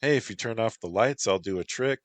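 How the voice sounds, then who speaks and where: A man's voice: on the low side, fairly quick, dry recording, pitched above the performer's own voice, natural voice. A man voicing a brash, bawdy young woman who talks in a blunt, brassy way. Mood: upbeat.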